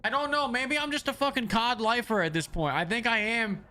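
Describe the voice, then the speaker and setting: High, bright-voiced ranting male streamer. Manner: fast, profane, ranting, stammering restarts. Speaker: game streamer. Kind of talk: profane live-stream rant.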